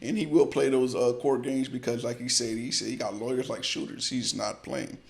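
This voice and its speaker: A man's voice: mid-range voice, steady tone, fairly quick, gravelly. A man hosting a reaction show, casually explaining rap lines in a loose, repetitive way. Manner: loose, repeats and restarts, explains each line. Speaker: host reacting to a performance.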